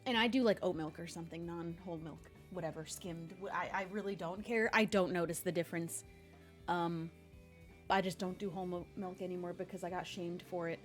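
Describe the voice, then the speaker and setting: A woman's voice: fairly low pitch, steady tone, fairly quick, faint music behind. A young adult woman streaming live, chatting casually and rambling, laughing often between complaints.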